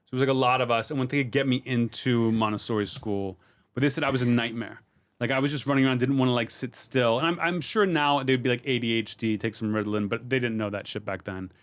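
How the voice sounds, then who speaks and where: A middle-aged man speaks at an ordinary, middling pitch. He is a comedian and a podcast guest, telling his stories in a loose, relaxed way with plenty of fillers. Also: fast talker. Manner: relaxed, rambling storytelling with many fillers. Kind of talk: casual podcast chat.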